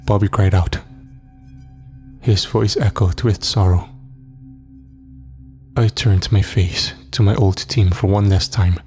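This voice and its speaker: A man narrating a first-person horror story in a steady, somber way. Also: on the low side.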